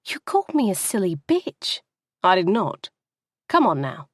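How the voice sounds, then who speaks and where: A woman's voice: medium pitch, very animated, a little slow, dry recording, clean studio sound. A woman reading the part of a controlling young male lawyer with an explosive temper, curt and swearing. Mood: dismissive. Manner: curt, then yelling and swearing, then dismissive.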